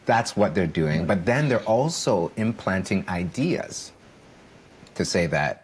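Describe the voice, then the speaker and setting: A man's voice: low-pitched, very animated, takes it slowly, slight background noise. A man speaking as a coach on a podcast, emphatic and earnest, repeating key phrases and often asking "right?" to draw agreement.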